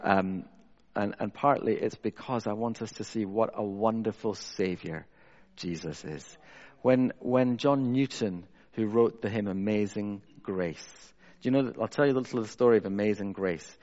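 A man preaching a sermon in an earnest manner, moving between raised emphasis and soft, hushed reflection. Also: lowish voice, normal speed. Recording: dull, lo-fi sound with long hall reverb.

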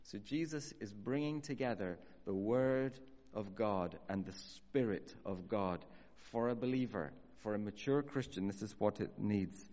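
A man preaching a sermon earnestly, slowing down to stress key phrases. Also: fairly low pitch, mellow. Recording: dull audio with long hall reverb.

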